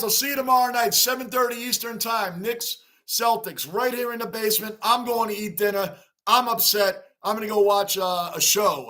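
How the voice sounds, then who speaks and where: On a laid-back fan livestream, the host, a man with a high, bright voice, speaks right to his chat. His team gets him worked up and emotional, and he keeps a warm, chummy rapport with the regulars.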